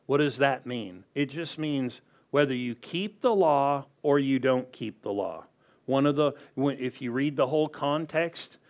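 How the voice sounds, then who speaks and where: A man preaching a sermon as pastor, reading scripture aloud and putting rhetorical questions to his congregation. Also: mid-range voice.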